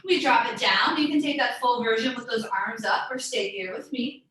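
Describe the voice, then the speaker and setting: A woman's voice: on the high side, moderate pace, fairly bright tone. A woman teaching a live yoga class, giving encouraging cues and calling out students by name. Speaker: yoga instructor. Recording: very echoey room, voice far from mic, faint background noise.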